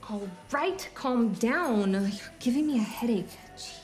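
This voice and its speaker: A dry, know-it-all wife. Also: female voice, fairly high pitch, a little slow, soft background music. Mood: wry. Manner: calm, matter-of-fact, pedantic corrections. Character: sensible, dry-witted wife in a horror comedy. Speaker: wife in a comedy film. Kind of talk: comedic film acting.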